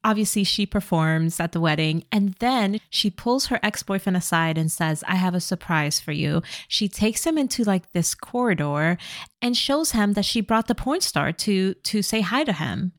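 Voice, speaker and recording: Animated woman mocking a movie. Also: mid-range voice, normal speed, no echo, clean studio sound. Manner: animated, laughing, mocking quotes. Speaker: podcast co-host. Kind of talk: casual movie recap chat.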